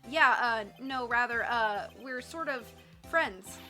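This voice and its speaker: A woman's voice: on the high side, slow, sharp tone, soft background music. Woman voicing a hesitant young lawyer. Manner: mild, hesitant, stammering. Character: young male defense lawyer, awkward and earnest. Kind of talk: video game voice-over reading.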